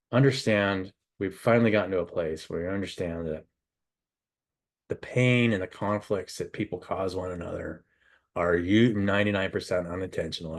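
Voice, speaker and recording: A middle-aged man, a spiritual advisor, telling a rambling, animated story and giving casual advice. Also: deep voice.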